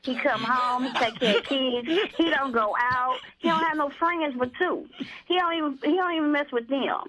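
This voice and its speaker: A woman's voice: sits high, normal speed, bright, forceful tone. A brash woman, calling in and boasting freely with plenty of swearing. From Corpus Christi, Texas. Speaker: caller. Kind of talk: casual call-in radio chat. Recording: muffled phone line with noise.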